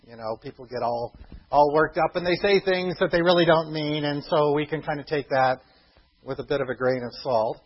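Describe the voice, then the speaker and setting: A man preaching a sermon, emphatic, slowing down for scripture quotes and dropping low for quiet asides. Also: husky, muffled recording. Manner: emphatic, slows for quotations, drops to quiet asides. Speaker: pastor.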